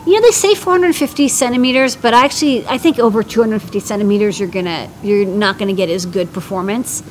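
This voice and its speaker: A woman's voice: medium pitch, quick pace, slight background noise, poor audio. A woman co-hosting a casual live stream, answering viewer questions in a chatty way with many ums and restarts.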